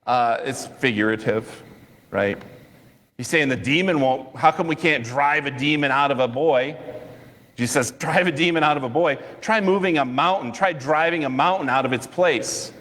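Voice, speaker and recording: Animated preacher in a reverberant church. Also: male voice, normal speed. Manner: animated storytelling, acting out quotes with sudden high-pitched outbursts. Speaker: pastor. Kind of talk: sermon. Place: church sanctuary. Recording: church sanctuary with long reverb.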